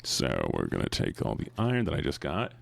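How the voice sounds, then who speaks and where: A man's voice: rumbling low, gravelly. A man live-streaming a game, chatting casually and joking with a self-deprecating humor.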